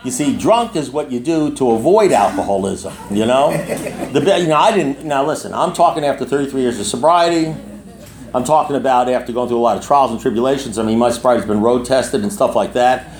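A man's voice: mid-range voice, expressive, a little fast, darkish tone, reverberant. A man in his sixties speaking to a recovery group, telling a long personal story in a rambling way with many restarts and asides. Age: 60s.

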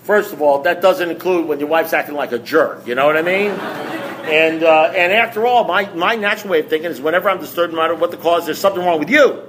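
A man sharing his recovery story at a meeting, telling it in an animated, self-mocking way with emphatic repetition. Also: on the high side, fast talker, a little hiss or hum.

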